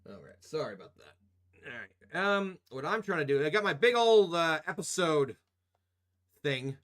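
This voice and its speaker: A young man streams himself editing video and talks casually to his chat. His voice sits a bit high and swings widely in pitch. He rambles, swears freely, jokes around and breaks into laughter often. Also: sing-song, normal speed, a bit bright.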